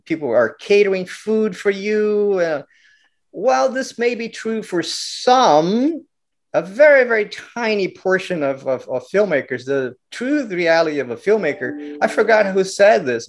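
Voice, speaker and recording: A middle-aged man from Brazil, telling animated stories as a guest filmmaker and often restarting his words. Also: on the high side. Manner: animated, acts out quotes, many restarts. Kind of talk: storytelling interview talk.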